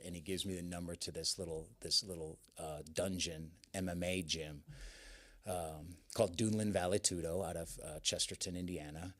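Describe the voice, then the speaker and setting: Low-voiced man telling a story. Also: moderate pace. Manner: animated, acts out quotes. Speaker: guest. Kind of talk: casual storytelling.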